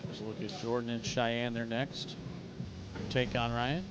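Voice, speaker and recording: A man's voice: medium pitch, level tone, a little slow, muffled recording, background noise. A man doing live play-by-play commentary, chatty and joking between calls. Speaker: sports commentator.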